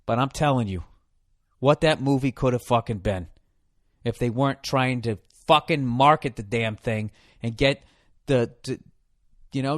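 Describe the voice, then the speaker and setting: A man's voice: medium pitch, unhurried, long pauses, no room sound, studio quality. A man hosting a podcast, ranting in an exasperated, profane, comedic way. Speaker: podcast host. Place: hot room.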